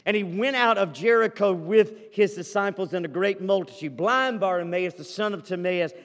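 A high, somewhat bright male voice belongs to a pastor preaching in a large hall. After a slow reading of scripture, he drives his points home with mounting intensity.

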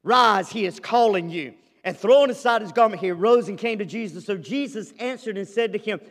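A male pastor preaching a sermon, reading scripture slowly and then pressing his points with rising fervor. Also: sits high, a bit bright, in a large hall.

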